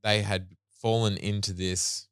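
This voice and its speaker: Deep smooth-voiced man talking casually. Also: unhurried, no echo, studio quality. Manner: relaxed storyteller, acts out quoted voices. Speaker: podcast co-host. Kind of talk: casual chat.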